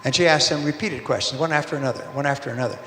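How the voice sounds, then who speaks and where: A man's voice: mid-range voice, rapid-fire, bright, forceful tone, slight background noise. A man giving a motivational sales seminar talk, telling stories and acting out bits of dialogue in quoted voices. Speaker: sales speaker. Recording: roomy hall reverb, faint ambience.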